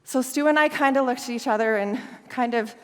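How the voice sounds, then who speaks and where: A woman guest speaker telling a lively story, laughing often and acting out the voices of the people in it. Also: high-pitched, fairly quick. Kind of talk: storytelling talk. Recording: long hall reverb.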